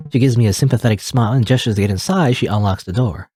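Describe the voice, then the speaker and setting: A man's voice: lowish voice, fast, darkish tone, faint music behind. A man reading a story game aloud dramatically, with joking asides and laughs at his own slips. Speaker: let's play host.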